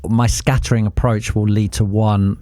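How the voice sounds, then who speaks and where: A man's voice: lowish voice, flat delivery, normal speed, mellow, no room sound. A man with a southern English Mockney accent, co-hosting a podcast in jokey, casual banter. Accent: Mockney, south of England. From southern England. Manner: jokey, quiz-setting banter. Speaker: podcast co-host. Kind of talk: casual chat.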